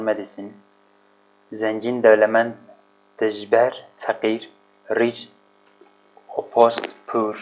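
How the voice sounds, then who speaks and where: On a dull lo-fi recording, a man with a voice on the low side teaches vocabulary in a slow, hesitant way. This language teacher thinks aloud, gropes for words and says things more than once.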